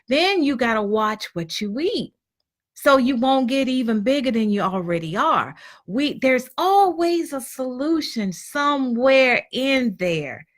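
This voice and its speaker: A woman's voice: fairly high pitch, fairly bright tone. A woman giving a blunt, preachy motivational talk to women, acting out the complaints she hears from people. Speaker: motivational speaker.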